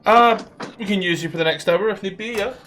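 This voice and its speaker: A man's voice: high voice, a little fast, background noise. A man narrating as game master of an online tabletop game in a laid-back, casual way.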